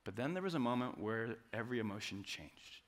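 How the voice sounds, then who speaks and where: A man preaching a sermon, moving from hushed, quiet passages to loud, animated retellings. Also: on the low side, a little fast. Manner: dynamic preaching, drops to soft quiet passages and rises to loud acted quotes. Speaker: pastor.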